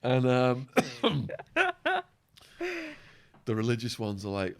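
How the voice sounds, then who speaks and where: A man telling prison stories as a podcast guest, acting out quotes and laughing, his voice going hoarse. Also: mid-range voice, unhurried, long pauses. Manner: animated storyteller, acts out quotes, laughs. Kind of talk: storytelling interview.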